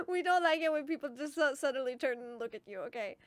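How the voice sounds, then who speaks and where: A woman streamer giving casual commentary while playing a story game, excitable and self-mocking, laughing often. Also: high voice, fairly quick, no echo, clean studio sound. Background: game music.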